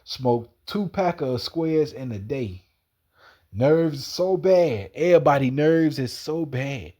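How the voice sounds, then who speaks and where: This mid-range male voice has a dark tone and lively intonation, yet moves at a slow pace. Its owner stumbles through a slangy, repetitive retelling of something personal, addressing an absent person by name.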